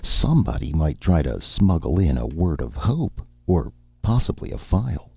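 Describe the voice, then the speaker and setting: A man's voice: rumbling low, big pitch swings, moderate pace, creaky, slightly rough, no echo, full character voice. A man voicing a gloomy, plaintive male writer in a spoken story. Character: gloomy, put-upon male screenwriter. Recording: dull lo-fi, dry.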